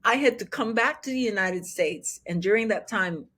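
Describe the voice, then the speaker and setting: Woman in her 60s, animated storytelling, mid-pitched voice, personal testimony. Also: normal speed. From Philippines. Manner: animated, acts out quoted dialogue. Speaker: interview guest.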